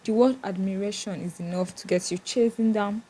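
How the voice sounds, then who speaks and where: A woman's voice: mid-range voice, steady tone, moderate pace, warm tone, husky. A woman vlogger talking casually and giggling a lot, with many fillers, and acting out lines as she reads them. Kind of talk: casual chat, reading lyrics aloud.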